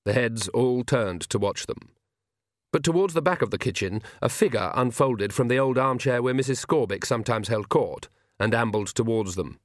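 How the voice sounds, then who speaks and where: A man narrates an audiobook in a middle-pitched, measured voice. The recording is dry and close, with no room sound. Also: dry recording. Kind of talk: scripted narration.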